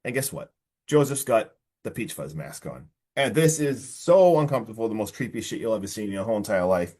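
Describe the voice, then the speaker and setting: A man hosting a casual podcast film review, retelling the plot in an excitable, slangy way and acting out the characters. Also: lowish voice, fairly quick. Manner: animated retelling, acts out the characters. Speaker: podcast host.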